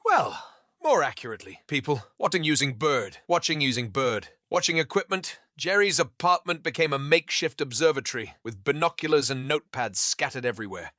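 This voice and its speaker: A man narrating a fan fiction story with an expressive, lively reading. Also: mid-range voice, a little fast, no echo, clean studio sound.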